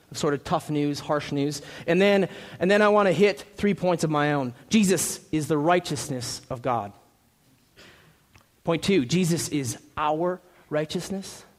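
A higher-voiced young man from Minnesota preaches a sermon. He talks in a friendly, joking way, full of fillers and restarts as he goes. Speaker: pastor.

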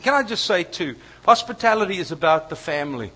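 A man preaching a sermon, telling family stories with lively asides to the audience. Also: high voice, fairly quick, hardly any pauses. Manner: storytelling, animated asides to the audience. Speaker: pastor.

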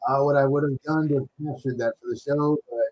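A man's voice: mid-range voice, fairly even intonation, brisk, darkish tone, rough recording. A man hosting a casual podcast who laughs often and talks to his listeners as folks. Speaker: podcast host.

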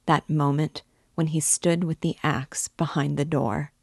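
A woman reading a classic novel aloud in a measured, even way. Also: low voice, creaky, breathy edge, dry recording, clean studio sound. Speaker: reader and guide.

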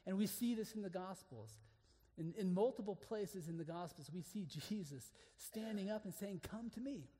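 A man preaching an earnest sermon to other men, moving between hushed, intimate passages and emphatic declarations. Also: sits high, normal speed, in a large hall.

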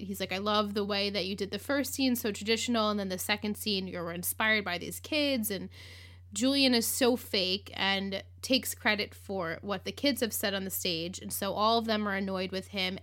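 Chatty woman host of a recap podcast, animated and quick to laugh, bright tone at a medium pitch. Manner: chatty, lots of "like", acts out quotes, laughs. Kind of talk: casual recap chat.

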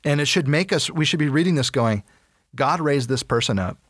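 A man's voice: a little high, lively intonation, brisk, a bit bright, dry recording. Man laughing through a dry-miked chat. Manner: joking, laughs often, repeats words for effect. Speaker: podcast co-host. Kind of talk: casual Bible discussion.

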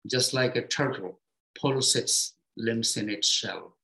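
A man teaching his students on the spiritual path, speaking in a middle-pitched, gentle voice. He sets out short phrases one at a time with pauses between them and leans on simple everyday comparisons to keep his teaching encouraging. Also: creaky, low-quality recording.

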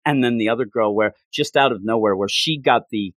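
A man's voice: mid-range voice, brisk, fairly bright tone, no echo. A man co-hosting a casual podcast, animatedly retelling a manga chapter and acting out the characters' lines. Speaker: podcast co-host.

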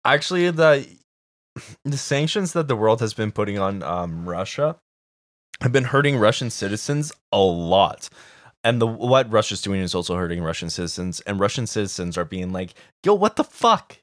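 Young male co-host, low-pitched, dry close sound, profane animated ranting. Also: moderate pace, no room sound. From Canada. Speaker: podcast co-host. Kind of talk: casual chat.

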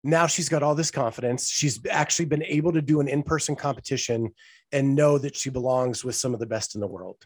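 A man's voice: mid-range voice, a little fast, slightly rough. A man interviewing a coach in a casual, friendly way, prompting him with questions.

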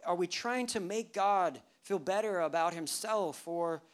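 A lively preacher delivering a sermon at a church service. The voice sits at a middle pitch and keeps prodding the congregation with rhetorical questions. Joking asides break up the teaching. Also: unhurried. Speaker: pastor.

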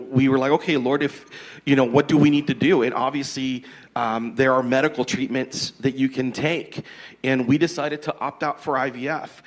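A man's voice: mid-range voice, a bit bright. A man with an ordinary mid-range voice talks earnestly about faith. He leans into his points with the rising emphasis of a preacher. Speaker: guest, husband. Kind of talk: faith-based conversation.

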